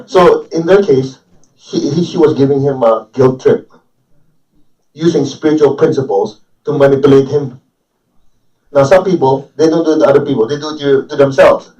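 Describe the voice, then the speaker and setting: A man's voice: medium pitch, moderate pace, warm tone. A man giving an informal, joking spiritual talk to a group, often checking in with the audience with questions. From Chinese family. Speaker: spiritual teacher. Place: room with a live audience. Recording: distant, roomy, dull live recording.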